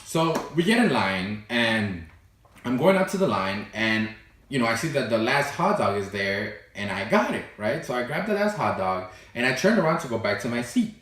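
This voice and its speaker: A man's voice: mid-range voice, normal speed, distant mic. Young man telling stories in an echoey room. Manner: animated, laughs often, fillers like "you know" and "right". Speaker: vlogger. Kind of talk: casual storytelling to camera.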